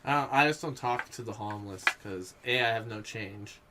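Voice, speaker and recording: A man's voice: lowish voice, normal speed, background noise. A young man, co-hosting a casual podcast chat, teasing and laughing easily. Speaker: podcast co-host. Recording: music playing behind. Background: music.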